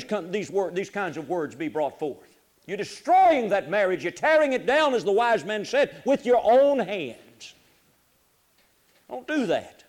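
Preacher guy, pretty high voice, folksy, gets loud then drops way down. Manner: folksy, repeats words, swings from loud exhortation to low asides. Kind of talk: sermon on marriage.

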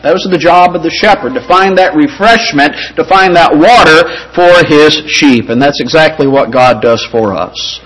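A male pastor preaching a sermon in an earnest, conversational way, slowing down and softening on scripture and key points. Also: fairly high pitch, husky, poor audio.

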